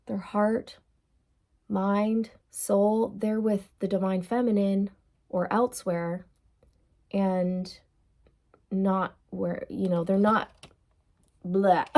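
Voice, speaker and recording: Slow, mellow-voiced woman reading tarot. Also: mid-range voice, fairly even intonation. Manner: loose and chatty, repeats phrases, laughs at her own slips. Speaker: tarot reader. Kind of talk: tarot card reading monologue.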